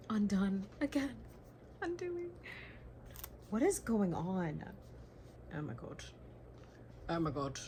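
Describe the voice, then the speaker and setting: A young woman vlogging her reactions to a book she is reading, excitable and gushing, swearing freely and now and then dropping to a whisper. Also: mid-range voice, slow, long pauses, breathy edge. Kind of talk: casual reading vlog reactions.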